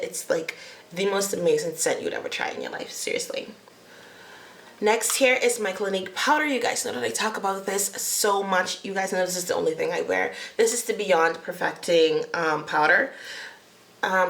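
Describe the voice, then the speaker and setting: A woman's voice: lowish voice, gravelly, roomy sound. A young woman from the Bahamas, chatting to camera as a beauty vlogger, rambling and laughing at herself. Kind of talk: casual chat to camera.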